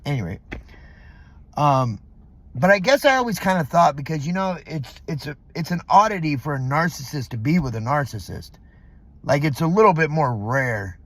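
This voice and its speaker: Middle-aged man, slightly raised pitch, loose profane vlog rant packed with fillers. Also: lively intonation, moderate pace, fairly bright tone, no room sound. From Southern California. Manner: rambling, profane, heavy use of fillers. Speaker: vlogger. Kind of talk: casual vlog monologue. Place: parking lot.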